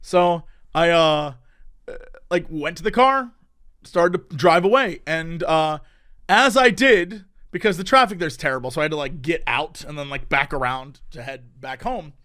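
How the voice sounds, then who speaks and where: A man's voice: on the high side, normal speed, sharp tone. A man co-hosting a podcast, telling a story in casual chat and laughing often as he goes. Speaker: podcast co-host.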